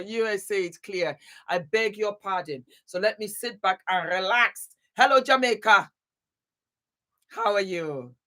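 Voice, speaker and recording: A woman hosting a casual live stream, greeting viewers warmly by place and laughing often as she chats. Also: medium pitch. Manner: warm, chatty, calls viewers baby and beautiful. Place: home, seated.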